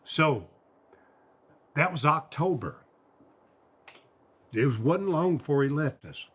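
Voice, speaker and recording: An older man, hosting and telling animated stories about his paintings and friends. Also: fairly high pitch, slow, slightly rough. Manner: animated storyteller, quotes friends in their voices. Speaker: host, singer and painter. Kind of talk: storytelling conversation.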